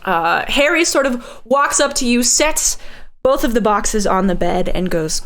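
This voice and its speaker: Woman game master, descriptive narration, measured delivery, fairly high voice. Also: expressive, fairly bright tone.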